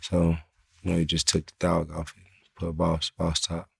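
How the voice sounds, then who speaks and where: A rapper from Chicago talking bluntly and profanely in a casual interview, telling stories with laughs. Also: male voice, low voice, monotone, normal speed, creaky, fairly bright tone, slightly rough, no echo.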